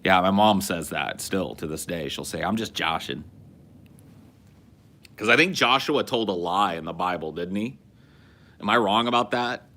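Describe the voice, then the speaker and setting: Deep-voiced and animated, this Californian podcast host in his forties talks at normal speed with a sharp tone. He tells loose, profane stories in casual chat, frequently starting over mid-thought.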